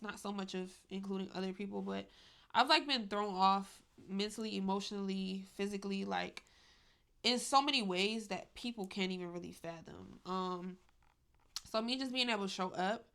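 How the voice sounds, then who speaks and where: A woman's voice: medium pitch, a bit bright, clear, resonant tone. Candid young woman vlogging about feelings. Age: young adult. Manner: candid and emphatic, says "y'all" and "like" often. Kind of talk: casual confessional vlog.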